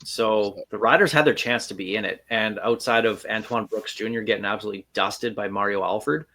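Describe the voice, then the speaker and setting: A man's voice: on the low side, brisk, bright, forceful tone. A man hosting a sports podcast, chatting casually and thinking aloud with fillers. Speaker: podcast host.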